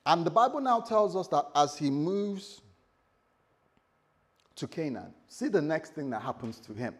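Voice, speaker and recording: Animated preacher man, higher voice. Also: unhurried. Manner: animated storytelling, acts out voices, laughs often. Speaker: pastor. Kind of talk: lively sermon.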